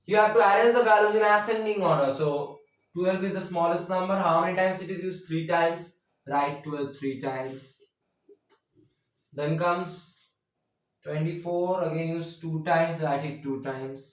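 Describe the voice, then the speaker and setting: A man's voice: fairly high pitch, unhurried. A man teaching a math lesson in a chatty way, joking aside and using "means" as a filler. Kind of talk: casual math tutorial. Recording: very echoey room, mic at a distance.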